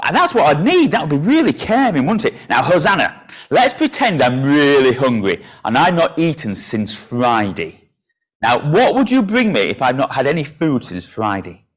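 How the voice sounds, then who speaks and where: A man preaching a sermon in a church, earnest and solemn on the hard points, then coaxing and playful when he calls children up to help. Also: husky. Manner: earnest, drops low and soft for solemn points. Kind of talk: sermon with a children's object lesson.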